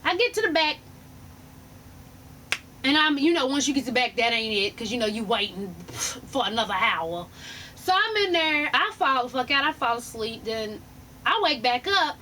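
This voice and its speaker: Woman, vlogger, profane animated storytelling, bright sharp tone, faint background noise. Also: fairly high pitch, normal speed. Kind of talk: casual storytime rant.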